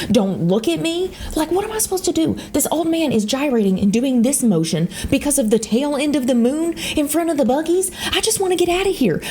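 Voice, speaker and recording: A woman's voice: high-pitched, a little hiss or hum. A young woman with a Southern US accent, rambling through casual stories while she plays a game, swearing freely. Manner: rambling, animated, swears freely, frequent laughter. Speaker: YouTuber. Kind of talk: casual storytelling chat.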